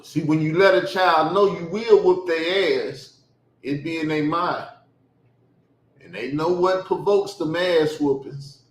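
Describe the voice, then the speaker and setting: Male podcast host, profane animated storyteller, echoey room sound. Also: a little high, measured pace. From Chicago. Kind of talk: casual storytelling chat.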